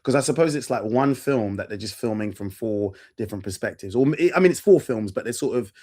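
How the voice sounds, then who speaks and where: Chatty, animated man reviewing a film. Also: mid-range voice, brisk. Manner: animated, talkative, enthusiastic, many restarts. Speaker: panelist on a film review show. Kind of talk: casual chat.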